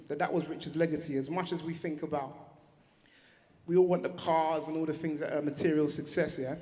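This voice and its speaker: Man, warm voice in a hall. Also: fairly high pitch. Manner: slangy, storytelling, heartfelt. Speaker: speaker at an awards ceremony. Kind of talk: tribute speech. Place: large awards venue hall. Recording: reverberant hall.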